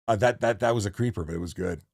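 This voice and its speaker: A former police officer hosts a casual livestream in a low, fry-edged voice. He talks jokily and rambles, circling back and correcting himself often. His voice sounds close and dry, with no room sound around it. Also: no room sound. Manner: jokey, rambling with many restarts.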